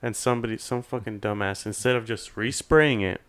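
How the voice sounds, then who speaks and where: Smooth-voiced young man telling a story. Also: fairly low pitch, a little fast. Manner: animated storyteller, swears a lot, acts out voices of others. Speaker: podcast guest. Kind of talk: casual storytelling.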